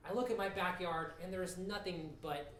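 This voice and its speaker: A man telling a comic story in a confessional, deadpan way, with casual profanity, in an echoey room. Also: high voice, moderate pace. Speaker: stand-up comedian.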